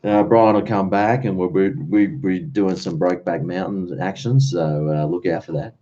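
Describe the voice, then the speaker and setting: A man's voice: low voice, steady tone, normal speed, mellow. An Australian man hosting a late-night livestream, rambling in an easygoing way and chuckling between thoughts, on dull lo-fi stream audio. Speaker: livestream host.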